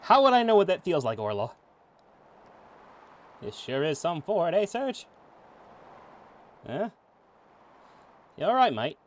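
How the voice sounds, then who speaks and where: A man's voice: high-pitched, sing-song, slow pace, long pauses, exaggerated voice. A man voicing a brash young female thief in a put-on Australian accent, with cheeky casual slang. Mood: cocky.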